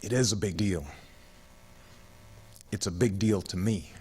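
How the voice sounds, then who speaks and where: A man voicing a proud old grandfather, gruff and defensive, grumbling with a raised, strained voice. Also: low-pitched, measured pace, darkish tone. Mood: shaken. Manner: agitated, grumbling.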